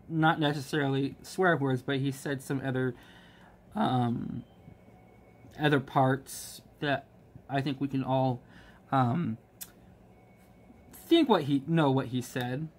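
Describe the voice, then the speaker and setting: A man chatting casually about his work as a restaurant manager, rambling with many ums and restarts and getting animated when he quotes people. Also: medium pitch. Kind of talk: casual storytelling while crafting.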